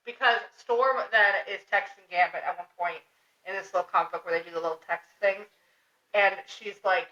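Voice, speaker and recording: A young woman co-hosting a podcast, recapping a comic in animated, casual talk, laughing and swearing freely. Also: mid-range voice, brisk. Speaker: podcast co-host. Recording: roomy, distant, dull lo-fi sound.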